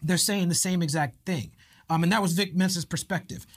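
Man hosting a chat, pretty high voice, earnest and measured. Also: fairly even intonation. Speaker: podcast host. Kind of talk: casual interview talk.

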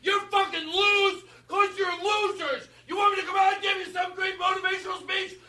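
A man's voice: very high-pitched, unhurried, pushed and bright, reverberant, far from the mic, pitched above the performer's own voice, exaggerated voice. A man voicing a furious sideline coach who bellows profane rants at his team. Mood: raging.

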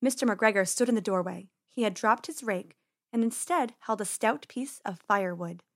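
A woman reading a children's story aloud in an expressive, lively way. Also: mid-range voice, normal speed, dry recording, studio quality.

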